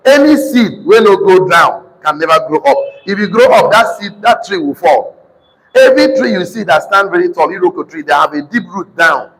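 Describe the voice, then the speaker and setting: A man with a Nigerian accent preaching to a live congregation, calling for responses and slowly repeating key lines for notes. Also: high-pitched, slightly rough. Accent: Nigerian English. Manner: sudden shouted emphasis. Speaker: motivational preacher. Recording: reverberant hall.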